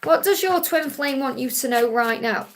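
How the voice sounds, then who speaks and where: Female live-stream psychic host, high voice, gentle, reassuring delivery. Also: lively intonation, normal speed, slight background noise. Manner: gentle and reassuring, ends points with a soft "okay?"; relays messages in first person with emphatic repetition. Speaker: psychic card reader hosting a live Q&A.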